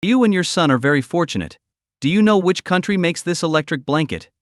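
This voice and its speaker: A man's voice: fairly high pitch, expressive, a little fast, no room sound, studio quality, lightly acted. A man voicing a grateful, nostalgic elderly woman in a recap story, speaking earnestly.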